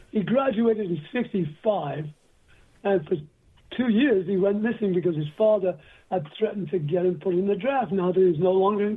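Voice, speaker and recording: A man's voice: high voice, slightly rough. An older man as an interview guest, telling rambling anecdotes and acting out other people's voices. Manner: rambling anecdotal storyteller, acts out quoted voices. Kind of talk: storytelling interview. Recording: tinny phone line.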